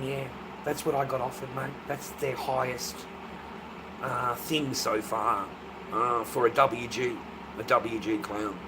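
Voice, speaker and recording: A man's voice: medium pitch, little pitch movement, takes it slowly, background noise. An older Australian man talking casually on a livestream, blunt and repetitive, swearing often as he vents.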